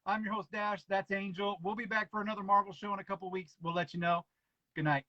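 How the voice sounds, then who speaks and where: A man hosting a casual podcast chat, eager and quick, often stumbling over his words. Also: high voice, flat delivery, bright, forceful tone, no room sound. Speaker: podcast host. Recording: dull dry lo-fi sound.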